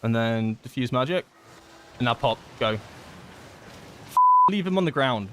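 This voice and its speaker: A man giving live gameplay commentary, thinking aloud and excitedly pleading with his teammates. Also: medium pitch, slow pace, a little hiss or hum. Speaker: gaming content creator.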